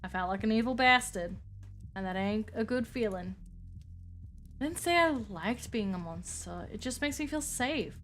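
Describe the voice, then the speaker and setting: A woman voicing a lonely ancient female vampire who speaks in a haughty, archaic, calmly menacing way. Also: a little high, normal speed, a little hiss or hum. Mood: defensive.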